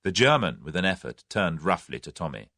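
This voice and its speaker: Expressive male audiobook narrator. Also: low voice, brisk, dry recording, clean studio sound. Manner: expressive, dramatic reading. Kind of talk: scripted narration.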